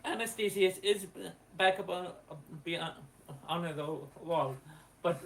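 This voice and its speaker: A player speaking slowly and haltingly, stopping often to hunt for words. The voice sounds distant from the mic. A faint hiss of noise sits underneath. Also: mid-range voice, a bit bright. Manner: slow, halting, searching for words. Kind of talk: casual chat.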